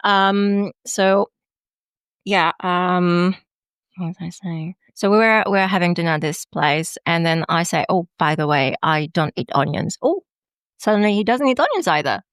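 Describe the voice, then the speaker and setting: A woman with a French accent, a life coach guest chatting on a podcast, halting with fillers and restarts. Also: fairly low pitch, expressive, clear, resonant tone, dry recording, studio quality. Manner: hesitant, many fillers and restarts. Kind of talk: casual podcast chat.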